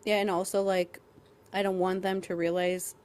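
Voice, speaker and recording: A woman's voice: medium pitch, little pitch movement, moderate pace, a little mellow. A woman co-hosting a casual podcast, ranting animatedly and with exasperation about a book character. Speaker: podcast co-host.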